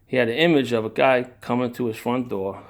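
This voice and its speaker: With a gravelly, creaky, medium-pitched voice, an older man briskly tells his own family story in a casual, rambling way. He drifts into tangents, sighs and restarts sentences, and sounds emotional and moved.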